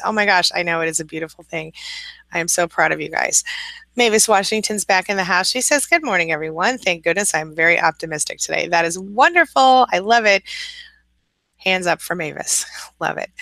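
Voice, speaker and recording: A woman's voice: on the low side, creaky, bright, forceful tone, no room sound. A woman coaching on a live stream, reading viewer comments aloud and answering them encouragingly, now and then scolding her kitten.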